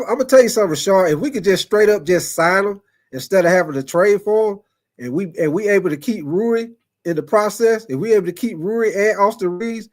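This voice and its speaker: A man hosting a sports livestream in casual chat, reading super chats and answering viewers by name, animated and repetitive, laughing often. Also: high voice. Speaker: sports talk livestream host.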